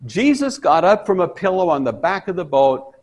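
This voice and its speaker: A man teaching a Bible study in a folksy, conversational way, breaking into loud animated bursts for emphasis. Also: high voice, normal speed.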